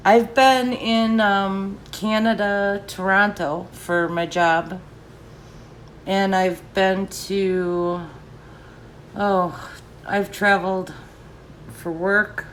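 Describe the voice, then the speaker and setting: A woman's voice: mid-range voice, little pitch movement, very slow, pauses often, slight background noise. A middle-aged woman chatting casually and answering live comments, laughing often.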